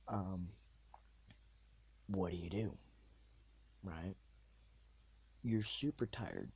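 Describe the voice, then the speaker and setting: A young man hosting a podcast from his bed at night, rambling in a hushed, half-whispered way. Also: low voice, gravelly, husky. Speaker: podcast host. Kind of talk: casual late-night monologue.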